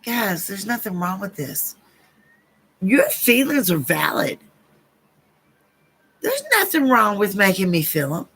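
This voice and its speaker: A woman's voice: mid-range voice, big pitch swings, slow pace, creaky, long pauses, a bit bright, husky, poor audio. A woman with a Southern US accent giving a live-stream card reading to her chat, earnest and blunt, repeating phrases and calling people honey and baby. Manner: gushing, calls listeners honey and baby. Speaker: psychic card reader.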